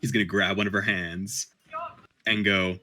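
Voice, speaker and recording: A man's voice: low-pitched, level tone, normal speed, pushed and bright. A man playing in a tabletop game, joking in a laid-back way. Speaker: player. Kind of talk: casual tabletop play.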